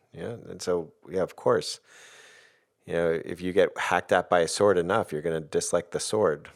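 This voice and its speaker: A middle-aged man in a podcast conversation, explaining ideas in a thoughtful, rambling way with soft laughs. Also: sits low, creaky. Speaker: podcast host and guest expert.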